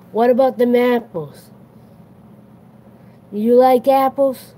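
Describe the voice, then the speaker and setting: A woman's voice: a little high, very slow, warm tone, pitched above the performer's own voice, poor audio. A woman with a Boston accent voicing a wisecracking tough male cop who taunts in streetwise bluster. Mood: taunting.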